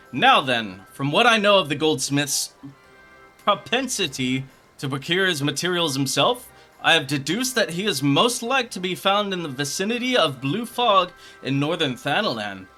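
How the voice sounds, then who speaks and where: A man voicing a pompous, grandiose male inspector from a game, loud and theatrical. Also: sing-song, unhurried, faint music behind, heavily acted. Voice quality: high, booming, theatrical. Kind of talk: reading game dialogue aloud in voices.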